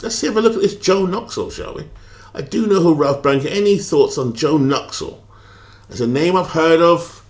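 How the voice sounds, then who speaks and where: British guy live streaming a baseball sim, rambling and casual, lots of ums, mid-pitched voice. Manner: chatty, thinks aloud, reads out viewer comments, many fillers. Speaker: game streamer.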